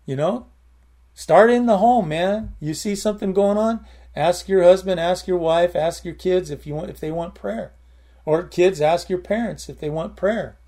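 Warm and high-pitched, the preacher's voice moves at a normal pace through a conversational sermon. He leans on repeated key phrases and pauses for brief prayers.

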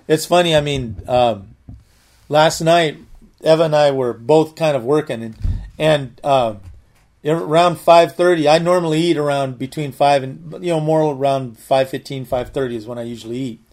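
A man's voice: a little high, normal speed, darkish tone. A man giving conversational Bible teaching, earnest, often repeating and restarting his words.

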